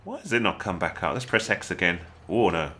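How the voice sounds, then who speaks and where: A man's voice: low-pitched, animated, a little fast, sharp tone. An English man with a chatty, jokey manner, talking viewers through a video game as a tutorial host. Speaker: gaming channel host. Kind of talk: gameplay tutorial commentary.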